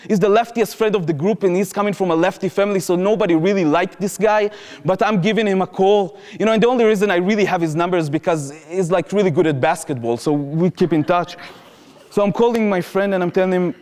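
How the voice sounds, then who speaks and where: A young man with an Israeli accent, telling a personal story at a public talk and acting out the voices he quotes, sometimes up to a shout. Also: sits high. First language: Hebrew. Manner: animated, acts out quoted voices, rising to shouts. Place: lecture hall with audience. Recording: long hall reverb from a lecture room.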